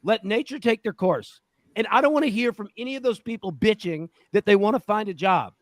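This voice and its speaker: A man's voice: high-pitched, animated, fairly quick, no room sound, studio quality. A middle-aged man hosting a sports betting show, ranting bluntly and swearing, repeating himself for emphasis. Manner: heated, blunt, swearing rant with repeated phrases.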